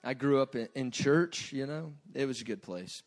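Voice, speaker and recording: A man preaching a sermon in a loose, joking way that swings between quiet asides and loud bursts. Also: medium pitch, lively intonation, moderate pace.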